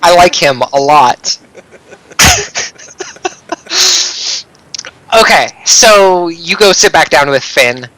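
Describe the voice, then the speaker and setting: A man narrating as the game master of a tabletop role-play game in a relaxed, halting way. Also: a little high, no echo, low-quality recording.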